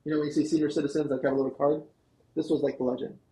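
An animated man recounting a business story as a podcast guest. His voice sits a little high but stays mellow and warm. He rattles through events in quick bursts. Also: low-quality recording. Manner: animated, fast-moving anecdotes. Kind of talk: storytelling interview answer. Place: podcast studio.

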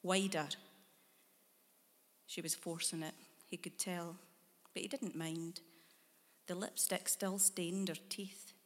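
A woman narrating a dark short story in a measured, hushed storytelling manner. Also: lowish voice, level tone, long reverb tail.

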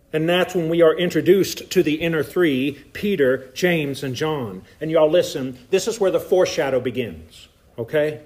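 A man from Appalachia with a Southern Appalachian accent delivers a sermon in church. His voice sits fairly high, and he preaches in an animated, folksy way, chatting with the congregation between points. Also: a little slow. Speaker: pastor.

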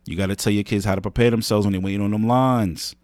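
A man's voice: fairly low pitch, steady tone, fast, a little mellow, no echo, studio quality. A man co-hosting a podcast, giving earnest advice in a casual chat, often repeating himself and saying "man" and "you know what I mean". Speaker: podcast co-host.

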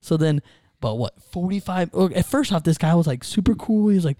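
A man in his 20s co-hosts a casual podcast, animatedly telling a story and acting out what other people said. His voice is on the high side and quick, captured with clean studio sound and no room echo.

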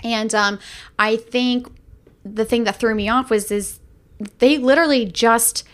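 A woman's voice: fairly high pitch, steady tone, unhurried, a bit bright. A woman co-hosting a movie review podcast, talking through the plot in a casual, analytical way. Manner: chatty, analytical, frequent restarts. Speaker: podcast co-host.

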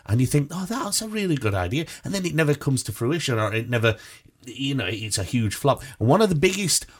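A man's voice: medium pitch, expressive, brisk. A man co-hosting a podcast, telling stories in a chatty, playful way with lots of fillers. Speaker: podcast co-host. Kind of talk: casual chat about musical theatre.

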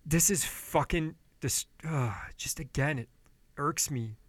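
A man hosting a podcast, ranting heatedly about politics and money with a lot of swearing, then dropping to quieter apologetic stretches. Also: on the high side, takes it slowly, no echo. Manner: heated, profane, swings between yelling and apologetic quiet. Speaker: podcast host.

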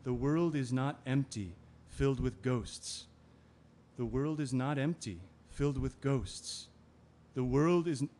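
A man's voice: mid-range voice, normal speed, natural voice. An actor playing an anxious man, speaking an inner monologue that turns brooding and angry. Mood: tender. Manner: brooding, bursts into anger. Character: anxious man whose partner is ill. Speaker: Ben's partner. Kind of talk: audio drama acting, inner monologue.

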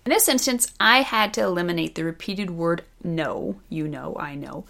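A woman author explaining fiction editing lessons in a scripted, deliberate narration that stresses key words. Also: on the low side, a bit bright. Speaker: author teaching writing.

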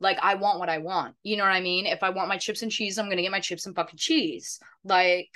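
A young woman co-hosts a casual podcast, telling stories animatedly with swearing and playful voice impressions. Her voice is on the low side, fairly bright, and steady in tone, and she talks a little fast.

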